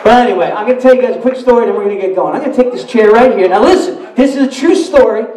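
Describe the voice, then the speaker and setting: Brash fast-talking New emcee. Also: male voice, very high-pitched, distant mic. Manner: animated, brash joking with crowd asides. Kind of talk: storytelling to a party crowd. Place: banquet hall at a dinner dance. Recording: echoey hall, mic from afar.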